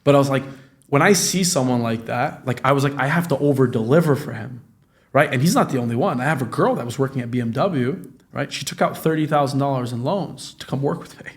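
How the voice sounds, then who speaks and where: This young man in his twenties speaks fast at a medium pitch. He's a real estate business owner guesting on a laid-back podcast, spinning lively, profane stories and voicing the quoted dialogue himself.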